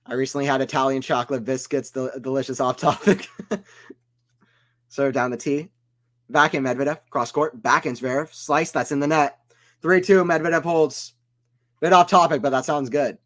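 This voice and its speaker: This man, who has a Southern American accent, speaks at a normal speed in a mid-range, fairly bright voice with fairly even intonation. He gives casual play-by-play on a live stream, chatting with viewers, reading chat aloud, and drifting away from the subject.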